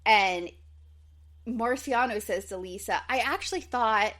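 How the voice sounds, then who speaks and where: A woman's voice: a little high, a little slow. A woman co-hosting a podcast, recapping a reality show in a casual, chatty way with lots of fillers. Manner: chatty, quotes people in lively voices, says like and um a lot. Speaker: podcast co-host.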